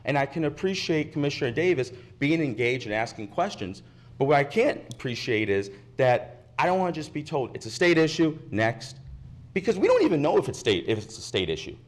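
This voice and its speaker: A man giving impassioned public comment at a county commission meeting, indignant and insistent, repeating his points at a podium microphone. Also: fairly high pitch. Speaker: resident speaking at public comment.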